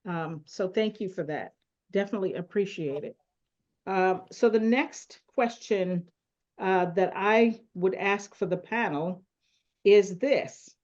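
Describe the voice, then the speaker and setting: A woman moderating a panel discussion on a call, speaking deliberately and often adding a rhetorical "right?". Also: mid-range voice, darkish tone, lo-fi sound.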